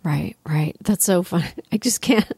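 A woman's voice: on the low side, measured pace, a little mellow, slightly rough. A woman hosting an interview, amused and reactive as she prompts her guest with questions. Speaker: host.

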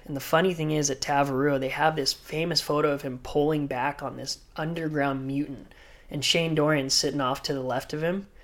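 A man, a professional surfer, telling animated stories full of surf slang as a podcast guest. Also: a little high. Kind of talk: podcast interview storytelling.

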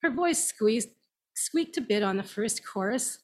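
A woman reading a story aloud in slow, measured narration. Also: a little high, expressive.

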